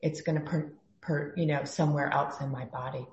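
A woman with a low voice shares a story with a group over a video call. She speaks earnestly and trails off into fillers. Her sound is roomy and echoey with a dull, lo-fi band. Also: steady tone, a little fast, a little mellow, slight background noise. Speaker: workshop participant. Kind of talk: sharing a personal story.

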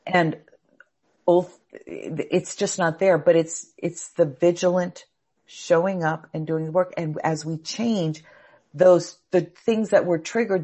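Gravelly, husky middle-aged woman teacher. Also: sits low, darkish tone. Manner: earnest, repeats words while thinking. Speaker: anxiety class teacher. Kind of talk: live class talk.

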